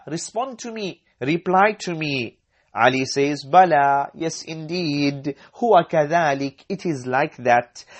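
A man teaching an Arabic lesson, reading each phrase, repeating it and explaining the grammar step by step. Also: a little high. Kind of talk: language lesson, reading and translating.

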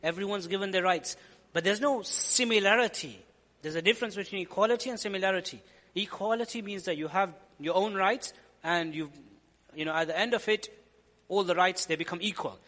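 A man's voice: sits high, brisk, fairly bright tone, big-room sound. A man giving an earnest, explanatory sermon-style lecture as a preacher, often repeating phrases for emphasis. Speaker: Islamic preacher.

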